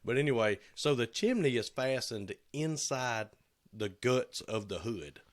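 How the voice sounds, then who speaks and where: A man's voice: medium pitch, very animated, unhurried. A man telling a shop story as co-host of a casual podcast, slipping into quoted voices as he goes.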